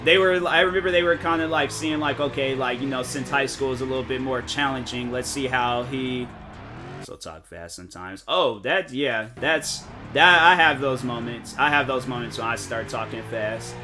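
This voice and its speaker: A man's voice: mid-range voice, steady tone, normal speed, hardly any pauses. A man streaming and chatting casually, rambling with lots of filler words and restarted sentences. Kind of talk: casual chat on a live stream. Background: game music.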